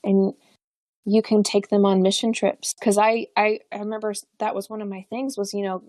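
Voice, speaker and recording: A woman's voice: mid-range voice, level tone, moderate pace, warm tone, no echo. A young adult woman, a podcast guest, telling a personal story in a chatty way, full of fillers and restarts and frequent laughs.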